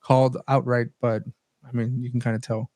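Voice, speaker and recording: A man's voice: medium pitch, flat delivery, brisk, darkish tone, dry recording. A man co-hosting a podcast in casual chat, reading out notes between laughs and casual swearing. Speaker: podcast co-host.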